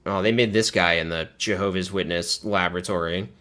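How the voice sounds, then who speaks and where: A man's voice: sits low, steady tone, a little fast, pushed and bright. A man hosting a casual reaction stream, talking loosely, swearing and laughing often. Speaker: livestream host.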